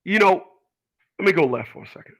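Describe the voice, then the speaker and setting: In a low-quality recording, a male radio host rambles through a casual monologue on his own show, repeating himself and stammering into restarts as he makes his points emphatically. He speaks quickly and animatedly, with a high pitch and a fairly bright tone.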